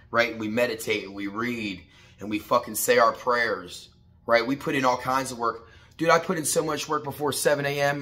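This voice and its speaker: Profane, bright-voiced man giving a pep talk. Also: mid-range voice. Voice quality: profane, blunt, street-casual. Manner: preachy, repetitive, rising to shouted pep talk. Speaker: motivational vlogger. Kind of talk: morning motivational talk to camera.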